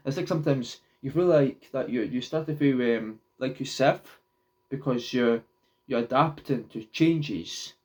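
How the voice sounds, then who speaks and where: With a medium-pitched, darkish voice, a young man chats casually to the camera for his vlog. He rambles, frequently stopping to repeat and restart words.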